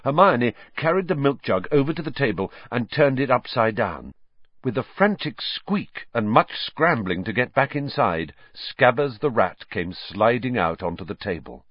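A man narrating a storybook in an expressive, varied reading. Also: mid-range voice, moderate pace, dry recording. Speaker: audiobook narrator. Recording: dry, slightly muffled recording.

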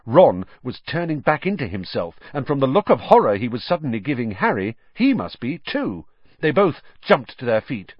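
A man narrating an audiobook with a vivid, expressive reading. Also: medium pitch, normal speed, husky, no room sound, lo-fi sound.

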